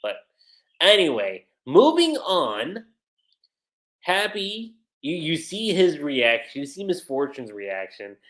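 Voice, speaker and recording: A host retelling a manga chapter on a casual livestream, chatty and quick to laugh. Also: medium pitch, very animated, fairly bright tone, roomy sound. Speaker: manga reviewer.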